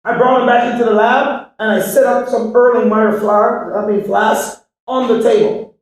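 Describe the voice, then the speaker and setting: A high-voiced man gives a motivational speech to students in a large, echoey hall, swinging from shouts to hushed, preachy asides and firing questions at the crowd. His tone is steady and his speed normal, and the very roomy sound is picked up from far away.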